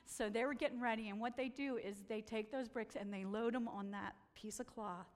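Animated woman in a reverberant hall. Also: on the high side, fairly quick. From United States. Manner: animated, acts out quoted voices. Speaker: speaker presenting photos. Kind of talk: storytelling talk with slides.

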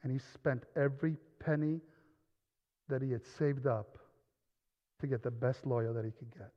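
A male pastor telling a quiet personal story, then preaching with rising force. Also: medium pitch, moderate pace. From New Rochelle, New York. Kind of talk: sermon. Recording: dull sound with long reverb in a large hall.

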